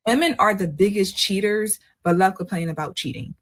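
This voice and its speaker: A woman's voice: medium pitch, fairly quick, heavy background noise. A married woman answering viewer comments on relationships in an emphatic, lecturing way. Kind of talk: responding to comments.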